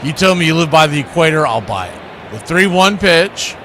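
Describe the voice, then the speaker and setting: A man calls baseball play-by-play as a radio host, rambling through opinions between pitches and lifting his voice when a big play lands. His voice sits a little high for a man. A clear hiss of background noise sits under the recording. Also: lively intonation, moderate pace. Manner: chatty asides between calls, rises for big plays. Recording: noisy background.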